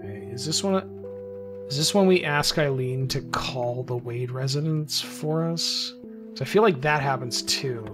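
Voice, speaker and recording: A man's voice: medium pitch, unhurried, over music. A man co-hosting and playing through a game, easygoing and laughing often. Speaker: podcast co-host, player. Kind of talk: let's play commentary.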